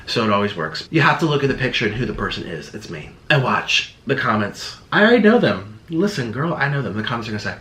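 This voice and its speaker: A man vlogging a casual rant to camera, animated and sarcastic, often mocking others in put-on voices. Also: mid-range voice, fast talker, few pauses. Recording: echoey room.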